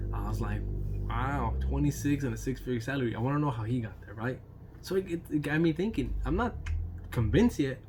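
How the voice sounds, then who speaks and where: A man's voice: mid-range voice, lively intonation, a little fast, over music. A man telling a casual storytime vlog, loose and chatty, laughing between lines, swearing now and then and dropping in "you know" and "right?". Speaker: YouTube storyteller.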